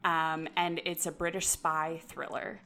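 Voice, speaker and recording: A woman's voice: low voice, unhurried. Laughing, chatty young woman co-host. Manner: animated, laughs often, many fillers. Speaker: podcast co-host. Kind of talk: casual chat.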